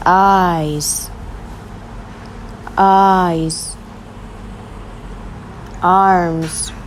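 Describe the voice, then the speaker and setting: Very slow, careful female English teacher. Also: lowish voice, a little mellow, a little hiss or hum, rough recording. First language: Arabic. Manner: says each vocabulary word twice, clearly and carefully. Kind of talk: slow read-aloud English lesson.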